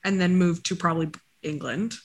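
A woman's voice: fairly low pitch, a little fast. A woman chatting casually as she reads out her dog's DNA results, making jokey asides to her dog. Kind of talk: casual chat.

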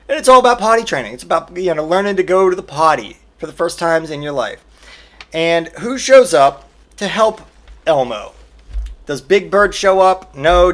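A man's voice: sits high, a bit bright. A man hosting a podcast, delivering a profane solo comedic rant full of exaggerated mock outrage. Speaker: podcast host.

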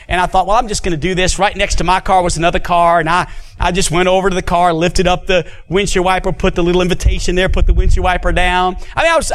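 A man with a high, light voice preaches as a pastor, telling stories from his own life. He often repeats a word as he starts a phrase and sinks into a low, hushed tone for solemn points. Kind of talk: sermon with personal stories.

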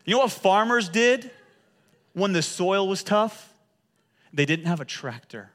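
High, bright-voiced energetic pastor preaching. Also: male voice, a little slow, long pauses. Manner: energetic, humorous, calls for crowd response; stammers and repeats words. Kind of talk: sermon. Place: church in front of a congregation.

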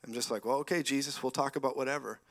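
Here a middle-aged man delivers an energetic charismatic sermon in a rapid-fire, mid-range voice. He laughs a lot, stays animated throughout, and builds up to loud outbursts.

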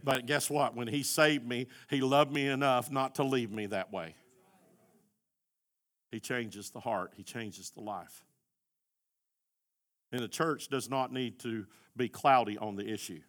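Middle-aged male pastor, fervent sermon delivery, bright tone. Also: medium pitch, steady tone, unhurried, long pauses. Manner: impassioned, shouting at peaks.

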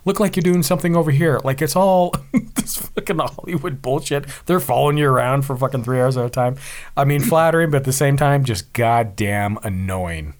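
A man on a casual podcast, venting bluntly and cursing freely as he tells his side. His voice sits at an ordinary middle pitch. He talks like he's griping to a friend. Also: moderate pace. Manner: blunt, swears a lot, ranting. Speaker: podcast co-host. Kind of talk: casual chat.

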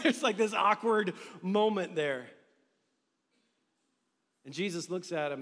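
Male pastor, very high voice, lively chatty preaching, long hall reverb. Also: moderate pace, long pauses. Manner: energetic conversational preaching with humor. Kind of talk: sermon.

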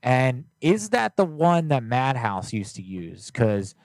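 A young man rambles and jokes loudly while hosting a prank call show. His voice sits in a middle range and sounds close and dry. He talks in a casual, offhand way. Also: medium pitch, big pitch swings, slow pace, no room sound. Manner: loud, joking and rambling. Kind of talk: casual livestream chat.

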